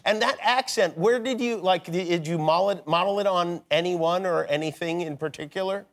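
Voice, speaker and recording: Dry-joking talk show host, high voice. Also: male voice, normal speed. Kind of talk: late-night talk show chat.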